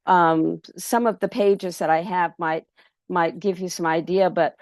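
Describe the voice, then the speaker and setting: A woman storyteller at a festival workshop who tells a folk tale in an easy, rambling way, with many pauses. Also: lowish voice, dry recording, clean studio sound. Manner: relaxed, many ums and restarts.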